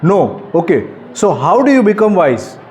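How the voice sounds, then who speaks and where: A man's voice: high voice, very animated, normal speed, a little mellow, slight background noise. A man in his forties with an Indian accent, speaking earnestly to students at a school workshop and often putting questions to them. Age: 40s. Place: school classroom.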